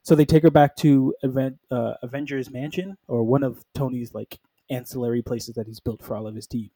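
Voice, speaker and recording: A man casually retelling a comic book storyline, animated, acting out the characters in quick quotes and filling his talk with "like". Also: medium pitch, husky, no room sound, rough recording. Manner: peppers speech with "like".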